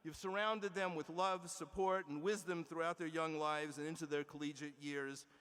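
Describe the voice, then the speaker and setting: A man delivering a formal commencement address from a podium in a large indoor arena, measured and emphatic, with small restarts and asides. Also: on the high side, steady tone, a bit bright, smooth. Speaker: university leader giving commencement address. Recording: long arena reverb.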